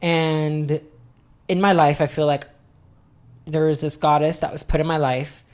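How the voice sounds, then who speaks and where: A young adult woman hosting her own podcast in a candid, expressive confessional chat, swearing freely and calling listeners honey. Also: deep voice, measured pace. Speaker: podcast host.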